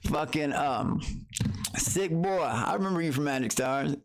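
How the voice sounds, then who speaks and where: A grown man streaming live, chatting loosely with his viewers in a rambling, profane way and jumping into a higher, excited voice when he greets them. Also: measured pace. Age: adult. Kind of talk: casual livestream chat.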